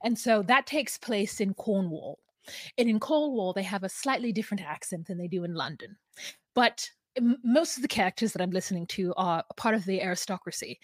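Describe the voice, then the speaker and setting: A woman's voice: medium pitch, pushed and bright, dry recording. A woman co-hosting a casual podcast chat, rambling and restarting her sentences with frequent laughs. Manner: rambling, self-interrupting, laughs often. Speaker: podcast co-host.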